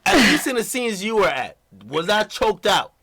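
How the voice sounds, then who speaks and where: Animated, slangy male stream host. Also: high-pitched, moderate pace, gravelly. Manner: animated, slangy, swears freely. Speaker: livestream host. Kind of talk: casual livestream interview.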